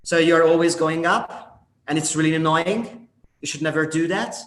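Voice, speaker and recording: A man's voice: fairly high pitch, moderate pace, a bit bright. Male co-instructor, conversational explainer; roomy echo. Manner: conversational, explanatory, frequent fillers. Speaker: workshop instructor. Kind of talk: online workshop teaching. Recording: echoey room.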